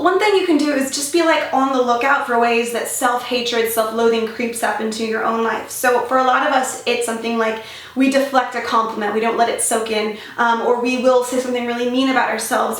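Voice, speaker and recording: A young woman vlogging in a casual, upbeat and animated way, giving self-help advice. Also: on the high side, recorded from a distance. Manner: upbeat, animated, says "freaking" and "you guys". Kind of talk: casual motivational vlog. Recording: echoey room, away from the mic.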